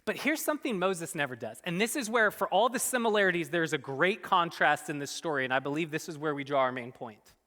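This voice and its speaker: A man preaching a sermon as pastor, animated and emphatic, at times dropping to soft, quiet tones. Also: on the high side, fairly quick, hardly any pauses. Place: church sanctuary. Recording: long reverb in a church hall.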